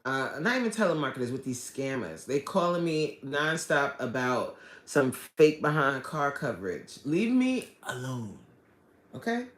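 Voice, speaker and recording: A woman's voice: extremely low pitch, big pitch swings, a little slow. Woman host, casual live-stream chatter, reads chat aloud, laughs a lot, roomy sound. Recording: echoey room.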